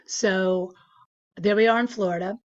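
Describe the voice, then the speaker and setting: A woman's voice: mid-range voice, steady tone, unhurried. Woman, sixties, chatty storyteller, interview guest, many fillers, dull recording. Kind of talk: casual storytelling.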